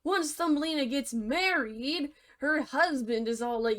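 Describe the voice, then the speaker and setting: A woman's voice: high voice, a little slow, a bit bright. A young woman narrating a fairy tale with comedy, sarcastic and playful, slipping in mock-cheerful asides. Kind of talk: comedic storytelling over a game video.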